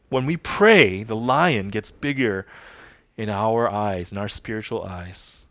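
With a medium-pitched, animated voice, a pastor delivers an emphatic sermon, repeating key lines as he swings between loud declarations and hushed, slow phrases. The recording is dry.

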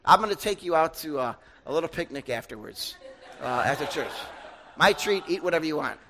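A man's voice: a little high, expressive, fairly quick, background noise. A young man preaching a sermon, talking with the congregation in a conversational way, asking them questions and acting out voices. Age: young adult. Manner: acts out loud shouted voices and asides. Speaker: pastor.

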